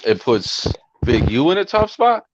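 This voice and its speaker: A man's voice: mid-range voice, sing-song, a little slow. A man co-hosting a podcast in casual chat, slangy and rambling with lots of fillers. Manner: slangy, rambling, full of "like" and "bro". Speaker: podcast co-host. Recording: muffled lo-fi audio with faint hiss.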